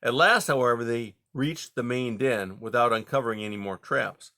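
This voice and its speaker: Man reading a storybook, bright gravelly voice. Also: mid-range voice. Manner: steady, measured reading. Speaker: audiobook reader. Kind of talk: storybook narration.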